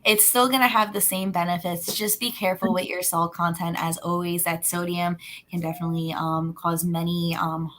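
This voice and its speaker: A woman nutritionist speaks on a video call in a fairly low voice, friendly and explanatory. She fills her sentences with little ums and likes. It is a casual group chat. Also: fairly even intonation, normal speed, fairly bright tone. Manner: friendly, explanatory, many fillers. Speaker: nutritionist presenter.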